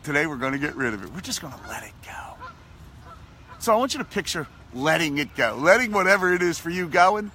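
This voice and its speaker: A man giving a casual motivational talk, animated and repetitive in a coaching tone. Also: fairly high pitch, fast, hardly any pauses, a little hiss or hum. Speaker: motivational vlogger.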